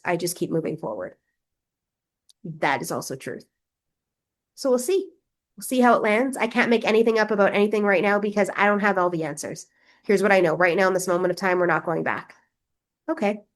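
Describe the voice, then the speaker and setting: A woman hosting a solo spiritual podcast, talking in an intense, blunt way with a lot of swearing. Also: mid-range voice. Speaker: podcast host.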